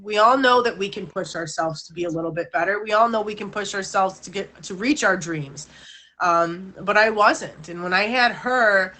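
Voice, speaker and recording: A woman's voice: mid-range voice, moderate pace, pushed and bright, poor audio. A candid woman in her thirties hosting a live-stream talk show, laughing often as she speaks. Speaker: host.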